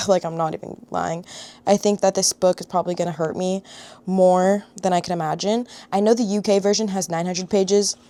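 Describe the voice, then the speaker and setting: A young woman talks to her camera at home about books, her voice a little low for a woman. She is chatty and emotional, laughing easily and letting sentences trail off. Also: mellow. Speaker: book vlogger. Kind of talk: casual chat to camera. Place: home room.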